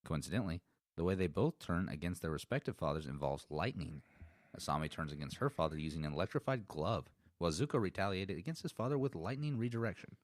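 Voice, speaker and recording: A man's voice: sits low, animated, quick pace, no echo, studio quality. A man co-hosting a casual podcast about a cartoon series, reading trivia with wry jokes. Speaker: podcast co-host.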